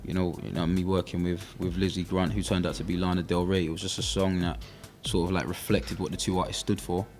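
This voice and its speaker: A young man with a South London accent, a rapper being interviewed in relaxed casual chat, filling pauses with "you know". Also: sits low, faint music behind. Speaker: rapper guest.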